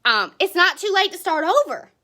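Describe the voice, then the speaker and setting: A woman's voice: very high voice, big pitch swings, moderate pace, pushed and bright. A woman, giving a blunt, passionate motivational talk to her sales team. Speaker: direct sales team leader.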